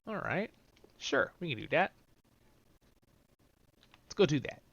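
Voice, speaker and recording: A man's voice: fairly high pitch, animated, a little slow, gravelly, a bit bright, slightly rough, no echo, lo-fi sound. A man hosting a let's-play, chatting directly to his viewers. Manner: chatty, talks straight to viewers. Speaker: host. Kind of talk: let's-play game commentary.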